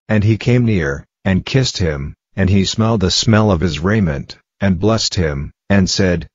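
A man reading scripture aloud in a measured, solemn way for an audiobook. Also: low voice, lively intonation, no echo. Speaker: Bible audiobook reader. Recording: dull lo-fi, dry.

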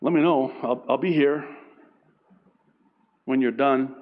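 A patient, gently amused God speaks in a calm, unhurried way, as a preacher puts him on. The voice is dry and mild. The recording sounds a bit muffled. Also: male voice, mid-range voice, lightly acted.

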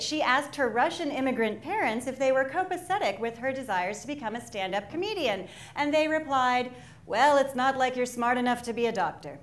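A woman hosting a comedy show, announcing the next comedian loudly. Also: sits high, a little hiss or hum. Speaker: show host introducing comedians. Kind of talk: stage announcement.

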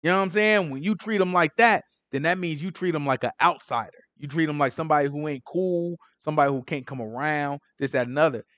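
Animated high-voiced man teaching scripture. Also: quick pace, few pauses, no room sound. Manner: street slang, acts out characters, animated. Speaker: Bible teacher. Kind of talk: casual sermon retelling scripture.

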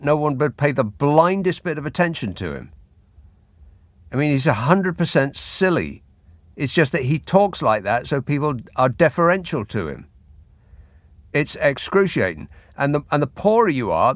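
A man's voice: on the high side, very animated, normal speed, no echo. A male radio host on a phone-in show, sardonic and exasperated, speaking into a studio mic. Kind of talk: late-night phone-in talk.

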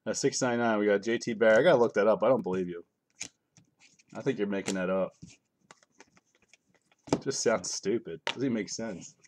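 A low-ish, brisk male voice with long pauses and a little hiss or hum belongs to a middle-aged card-break host. Offhand and joking, he reads cards aloud while chatting with his live-stream viewers.

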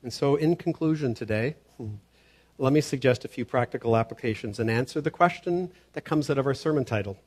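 A man's voice: medium pitch, a little fast, darkish tone. A man preaching a sermon as pastor, earnest and emphatic, often stammering on the start of a word. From Canada.

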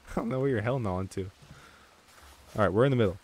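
A young man streaming an online game with viewers, chatting casually, swearing freely and getting excited. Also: fairly low pitch, a little fast. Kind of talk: casual gaming chat.

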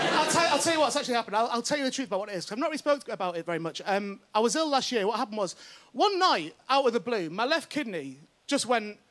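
A man doing a stand-up comedy set on a TV studio stage, telling a story in an animated, self-mocking way and often asking "right?". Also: very high-pitched, background noise. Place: TV studio stage before an audience.

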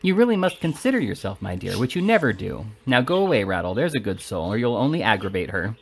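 A man's voice: on the low side, big pitch swings, quick pace, gravelly, a little hiss or hum. A man voicing a small, busybody Victorian lady friend who is soothing but bossy.

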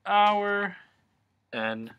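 A man's voice: high voice, big pitch swings, drawn-out words, narrow, tinny audio. A man teaching a remote cursive handwriting lesson, explaining each stroke patiently, step by step.

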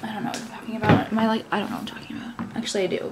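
A woman's voice: medium pitch, little pitch movement, very fast, a little hiss or hum. A young woman talking casually to camera, ranting with many fillers and swearing. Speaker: vlogger and business owner.

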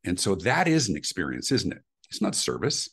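Middle-aged guy, intense emphatic interview guest, low voice, swings all over in pitch. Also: huge pitch swings, a little fast, vocal fry, fairly bright tone, husky. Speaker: guest, customer experience speaker. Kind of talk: animated interview answers.

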